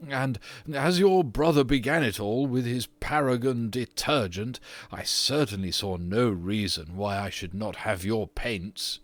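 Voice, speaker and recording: A man voicing a petulant, haughty aristocratic ghost of an English nobleman in an audiobook reading, often drawing his words out slowly. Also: on the low side, dry recording, lightly acted.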